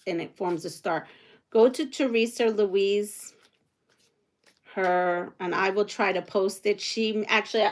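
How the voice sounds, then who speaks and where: A woman hosting a quilting livestream from home, chatting casually with viewers and thinking aloud as she sews. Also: mid-range voice. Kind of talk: casual live chat while sewing.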